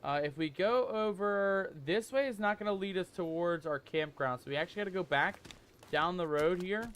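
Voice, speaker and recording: High-voiced, jumpy gaming streamer man. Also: moderate pace, clear, resonant tone. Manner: jumpy, excitable, loud when scared; calls viewers "mateys". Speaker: gaming YouTuber. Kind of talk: let's play commentary.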